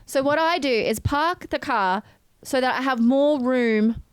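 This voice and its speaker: A woman's voice: sits high, a little slow, clean tone, dry recording, studio quality. A woman co-hosting a podcast, telling stories in a wry, exasperated way. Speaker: podcast co-host. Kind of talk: casual chat.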